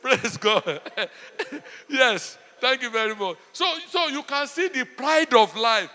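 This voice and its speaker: High bright-voiced Nigerian pastor preaching. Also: male voice, lively intonation, takes it slowly, in a large hall. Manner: preaching with repeated "Praise God" and storytelling. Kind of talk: sermon.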